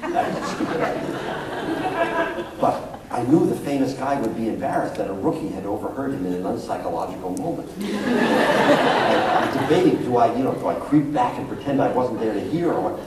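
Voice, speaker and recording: A man's voice: mid-range voice, huge pitch swings, moderate pace, heavy background noise. A man, a psychologist, giving a talk to parents, telling anecdotes and acting out the quotes in them. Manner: anecdotal storytelling, acts out quotes. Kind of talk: public talk to an audience. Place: school hall. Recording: echoey hall, voice from far off.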